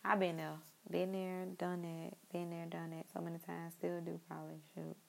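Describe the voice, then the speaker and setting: A woman's voice: on the low side, completely flat delivery, normal speed, vocal fry, low-quality recording. A young woman talking in a casual, rambling monologue, repeating herself and speaking straight to her listeners.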